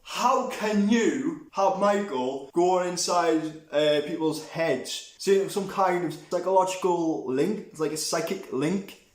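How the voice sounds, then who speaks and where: Brief: man, young, sweary ranting reviewer, high voice, echoey room. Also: takes it slowly, hardly any pauses. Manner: animated, sweary, rambling with restarts. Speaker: movie reviewer.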